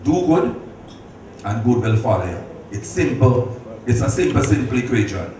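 Now his mid-range voice turns sing-song at a moderate pace as this middle-aged man keeps up his heartfelt birthday speech, laughing through stories in a preacher-like way. Far-off miking captures him in a noisy, echoey hall.

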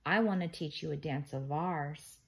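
A woman's voice: deep voice, normal speed, creaky. Woman voicing a bratty know-it-all schoolboy, snappy and boastful. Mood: cocky. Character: cocky young schoolboy prankster.

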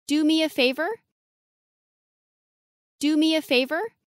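A woman's voice: high voice, slow pace, no echo, studio quality. A woman reading short English phrases for learners, enunciating each one carefully and saying it twice. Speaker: English model reader.

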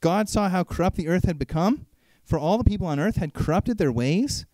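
A man preaching in an animated, chatty way, leaning on rhetorical questions to pull the congregation in. His voice sits high for a man and swoops all over the place. The sound is dry and close. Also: fairly quick, no room sound. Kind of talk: sermon.

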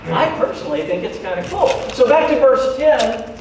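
High-voiced man preaching, joking, in an echoey church. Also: moderate pace, recorded from a distance. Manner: lively, joking asides to the congregation. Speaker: pastor. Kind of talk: sermon. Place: church sanctuary. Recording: echoey church hall, voice from afar, faint noise.

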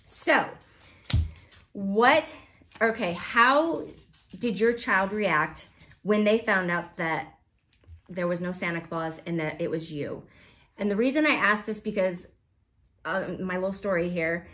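A woman's voice: on the low side, unhurried, a bit bright. Chatty woman vlogging about cross-stitch. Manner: chatty, rambling, laughs often. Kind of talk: casual chat to viewers.

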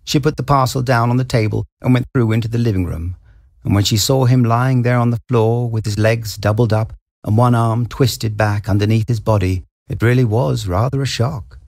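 Low gravelly guy reading a story, husky, dry close sound. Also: fairly even intonation, moderate pace, darkish tone, dry recording. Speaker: story reader. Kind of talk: reading a short story aloud.

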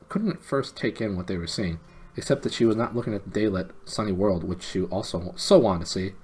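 A man's voice: fairly low pitch, darkish tone, husky. A man reading a children's novel aloud on a livestream in a casual way, with stumbles and asides. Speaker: reader.

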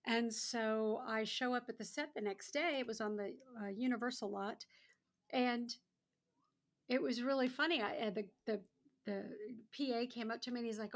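A woman in her sixties, a podcast guest telling stories in a casual, animated way and acting out other people's lines. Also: on the high side, normal speed. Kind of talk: casual storytelling.

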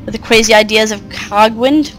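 A woman's voice: a little high, normal speed, fairly bright tone, soft background music, natural voice, rough recording. A woman voicing a haughty, scornful ancient mother of darkness, reading her game dialogue aloud.

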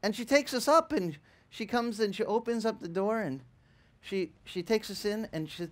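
A male pastor telling a lively story in a sermon, acting out the people in it and laughing as he goes. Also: sits high, moderate pace. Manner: animated, acts out quoted voices, laughs while telling. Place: church in Hawaii.

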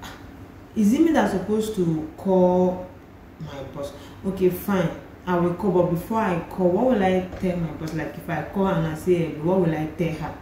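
A woman's voice: lowish voice, brisk, dark tone, slight background noise. A young Nigerian woman with a Nigerian accent, animatedly retelling a personal story in a vlog and slipping into pidgin phrases. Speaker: vlogger. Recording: very echoey room, faint ambience.

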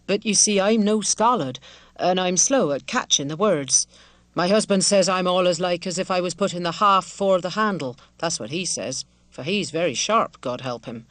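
A woman's voice: lowish voice, normal speed, dry recording, lightly acted. A woman voicing a kindly, devout village wife in an audiobook, speaking in a homely country dialect in an earnest, motherly way. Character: kindly rural village wife, middle-aged, simple and devout.

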